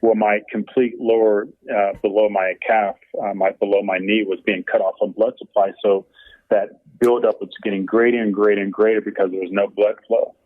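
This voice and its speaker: Low, flat-voiced man on a tinny line. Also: moderate pace, no echo. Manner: emotional and earnest, many fillers and restarts. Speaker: interview guest. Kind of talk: candid personal storytelling. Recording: dry, tinny phone-like sound.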